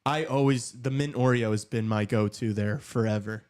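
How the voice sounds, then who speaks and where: A man hosting a casual live talk show, reacting to a hockey game with excited outbursts and jokes. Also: medium pitch, moderate pace, no room sound, clean studio sound. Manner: excitable, shouts at big plays, joking. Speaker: podcast host watching a hockey game.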